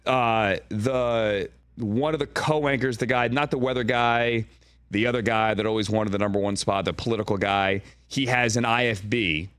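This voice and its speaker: A man's voice: fairly low pitch, normal speed, a bit bright, clean tone, no echo. Chatty man, dry studio sound. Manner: rambling storyteller, mimics on-air voices, frequent "right?". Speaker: guest broadcaster. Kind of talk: animated casual studio chat. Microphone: studio mic with earpiece.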